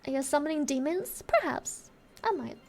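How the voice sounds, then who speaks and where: A woman's voice: high-pitched, expressive, moderate pace, creaky, darkish tone. A woman streamer from Germany with a German accent, chatting casually on a live stream in a playful, giggly, teasing way.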